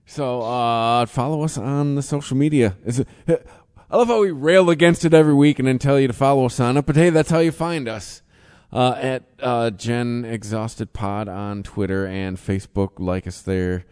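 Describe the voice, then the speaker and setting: Chill wry dude in his 40s wrapping up a podcast, smooth clear voice. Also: mid-range voice, normal speed, a little mellow, long reverb tail. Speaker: podcast co-host. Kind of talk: casual chat.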